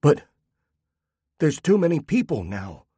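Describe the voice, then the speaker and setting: A man's voice: on the high side, very animated, a little slow, warm tone, husky, no echo, studio quality, voice pushed up, exaggerated voice. A man voicing a sullen male pet dog who talks back like a moody teenager. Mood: sulky. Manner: moody and defensive.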